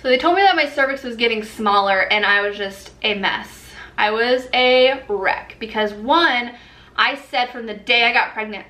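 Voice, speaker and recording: Bright chatty woman in an echoey room. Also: on the high side, moderate pace. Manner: chatty, candid, many fillers. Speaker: vlogger. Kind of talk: personal storytelling.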